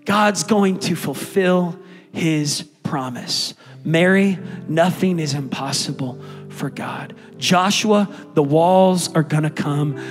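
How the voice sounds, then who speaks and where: A man preaching a sermon as pastor, building to loud, passionate calls and asking the congregation to respond. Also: on the high side, slow, long reverb tail, music in the background.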